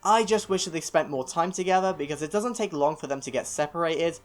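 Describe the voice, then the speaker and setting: A man's voice: a little high, brisk, faint music behind. A young British man reading a scripted film review, opinionated and self-mocking with rambling asides. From United Kingdom.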